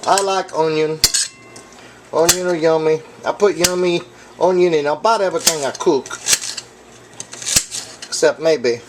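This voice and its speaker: A man's voice: on the high side, measured pace, pauses often, heavy background noise. A man hosting a homemade cooking show, rambling and joking as he cooks, with lots of fillers and offhand asides. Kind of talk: casual comedic cooking demo. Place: home kitchen. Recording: echoey kitchen, far from mic, clattering pans. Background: clinking dishes, pots and cutlery.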